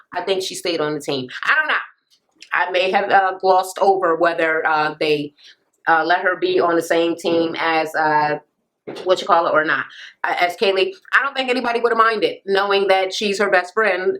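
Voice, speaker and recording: A young woman ranting through a casual reality TV recap, blunt and sassy, swearing freely and jumping into sudden high squeals. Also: moderate pace, fairly bright tone, poor audio. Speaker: vlogger reviewing reality TV.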